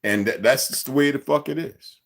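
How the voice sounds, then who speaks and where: A man's voice: mid-range voice, fairly quick, gravelly, a bit bright. A man in his sixties hosting a livestream, speaking in a rambling, profane, streetwise rant aimed straight at his viewers and chat. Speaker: livestream host.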